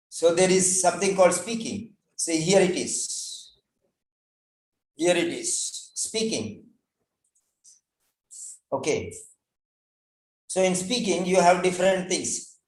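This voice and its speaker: A man with a high voice gives an English exam lesson at an unhurried pace. He leans on key words and says them again and again. The sound echoes around the room. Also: animated, darkish tone. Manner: emphatic, repeats key words slowly. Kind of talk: online class lecture.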